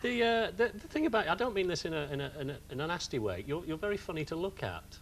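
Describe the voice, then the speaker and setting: A man's voice: high-pitched, big pitch swings, quick pace, background noise. A man hosting a chat show, interviewing a guest and often stumbling over his words.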